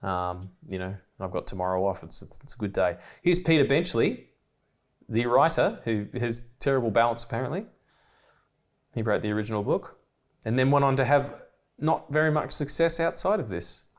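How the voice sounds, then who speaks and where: Male podcast co-host from Australia, talks fast and manically, casual, sweary film-commentary rambler. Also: mid-range voice. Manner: rambling, excitable, swears freely, laughs often.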